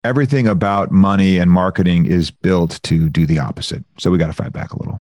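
A man, a software founder, explains budgeting habits in a casual, animated interview. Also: sits low, fast, dry recording. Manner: animated, explanatory, lots of "like" and "you know".

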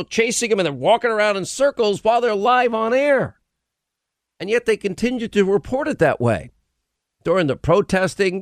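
A man's voice: high-pitched, dry recording, clean studio sound. A man hosting a radio talk show, delivering an emphatic, impassioned monologue full of restarts. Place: radio studio. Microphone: studio microphone.

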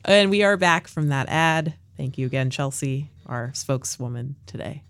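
A woman hosting a podcast in casual chat, animated and leading the segment, with frequent fillers. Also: rumbling low, normal speed, dry recording. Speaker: podcast host.

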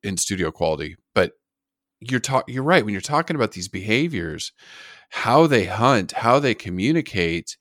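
A man hosting a podcast, chatting casually in an animated, emphatic way. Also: lowish voice, normal speed, no room sound, studio quality. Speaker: podcast host. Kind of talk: casual chat.

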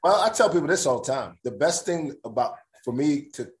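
A man's voice: fairly high pitch, animated, fairly quick. A man from New York, a college basketball coach, chatting as a guest in an easygoing, good-humored way. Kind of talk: casual interview chat.

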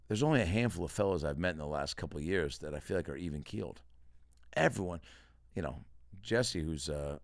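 A man hosting a comedy podcast, telling animated stories and acting out the people in them. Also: low voice, dry recording, clean studio sound. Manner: animated storyteller, acts out quotes. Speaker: podcast host.

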